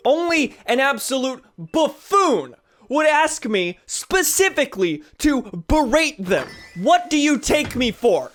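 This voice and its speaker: A game streamer voicing a furious adult berater, shouting in mock outrage. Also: high voice, very animated, slow, pitched above the performer's own voice, full character voice. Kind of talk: comic put-on rant on a game stream.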